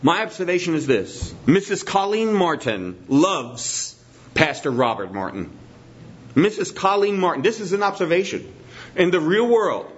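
A man's voice: sits high, sing-song, unhurried. A man preaching a sermon in a teacherly way, repeating his key points for emphasis. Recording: dull lo-fi recording.

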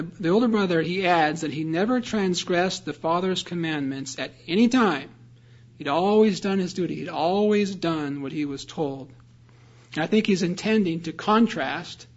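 A man's voice: on the high side, muffled recording. A man preaching a sermon, explaining a scripture passage earnestly and reading verses aloud. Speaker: pastor.

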